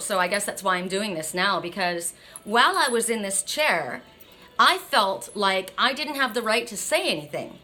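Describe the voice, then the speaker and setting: A middle-aged woman rants bluntly in a casual vlog, her voice bright and forceful. She talks with a numb mouth after dental surgery and swears freely. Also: medium pitch. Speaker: oracle card reader.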